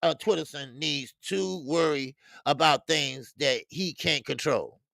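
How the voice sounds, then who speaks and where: A man's voice: fairly high pitch, unhurried, creaky, a bit bright, dry recording, clean studio sound. A man hosting a casual boxing talk livestream, slangy and rambling, greeting chat viewers by name and stumbling into stammered restarts. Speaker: boxing show host. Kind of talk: casual live-stream talk.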